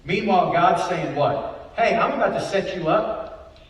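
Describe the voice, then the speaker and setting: A man's voice: high voice, animated, a little slow. A man preaching a Bible study sermon, often asking rhetorical questions and adding "right?". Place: church hall. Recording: echoey hall, voice from far off.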